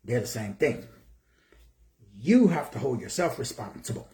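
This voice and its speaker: A Texan man in his sixties, medium-pitched, gives a motivational talk from his office in an echoey room. He preaches using rhetorical questions and greets viewers by name.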